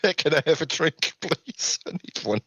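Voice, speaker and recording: A man's voice: fairly high pitch, lively intonation, normal speed, fairly bright tone, slightly rough, no echo. A man playing a tabletop game, joking and bantering crudely with the table. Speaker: player.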